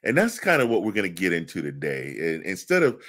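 Lively joking male podcast host. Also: low voice, fairly quick. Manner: animated, joking, reads article aloud. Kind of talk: casual podcast banter.

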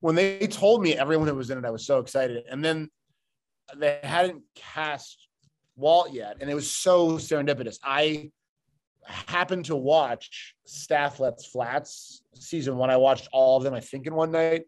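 Deadpan joking man on a panel. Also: a little high, a little slow. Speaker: actor and guest. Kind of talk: panel interview banter.

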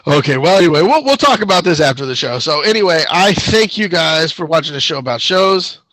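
A man's voice: on the high side, expressive, fairly quick, fairly bright tone, slight background noise. A man co-hosting a show, chatting casually, rambling and laughing often. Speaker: podcast co-host. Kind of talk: casual chat.

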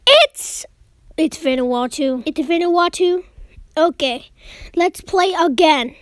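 A young woman giving casual commentary while playing a map-guessing game, excitedly talking to herself as she guesses. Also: very high voice, dry recording, studio quality. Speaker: game player.

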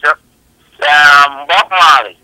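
Halting man with a bright, dry voice on the phone. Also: a little high, smooth, no echo, low-quality recording. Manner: halting, insistent, repeats himself. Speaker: phone scammer. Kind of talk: recorded phone call. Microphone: phone call.

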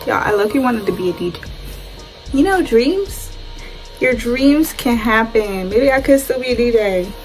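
A woman's voice: a little high, expressive, moderate pace, faint music behind. A young woman with a light Southern accent, talking in a chatty, slangy, rambling way as she vlogs. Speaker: vlogger. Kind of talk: casual vlog chat.

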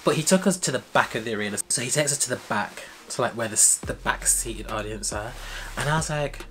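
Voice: mid-range voice, expressive, fairly quick, a bit bright, a little hiss or hum. A young adult telling a casual storytime, acting out quoted dialogue with big, dramatic jumps in voice. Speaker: vlogger.

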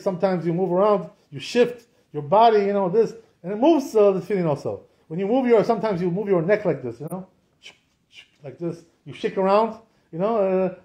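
A rabbi teaches a casual class on Jewish law, tossing rhetorical questions to his listeners and sprinkling in Hebrew terms. His voice is high for a man and soft, warm in tone, and he talks quickly. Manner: conversational, asks many rhetorical questions; mixes in Hebrew and Aramaic terms. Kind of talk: informal Torah class.

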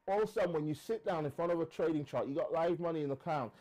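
A man tells his story with energy, slipping in and out of quoted voices and leaning on repeated phrases. His voice sits a little high for a man yet sounds warm and mellow. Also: very fast, poor audio. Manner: acts out quoted callers with shifts in pitch, emphatic repetition. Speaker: trading mentor speaking to camera. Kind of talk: animated storytelling monologue.

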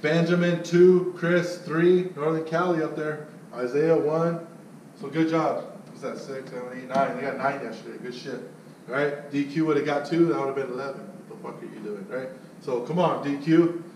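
Blunt swearing sales manager, echoey. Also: male voice, fairly high pitch, moderate pace. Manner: loud, blunt, swearing, mocks others in put-on voices. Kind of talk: profane motivational pep talk. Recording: echoey, distant mic with faint noise.

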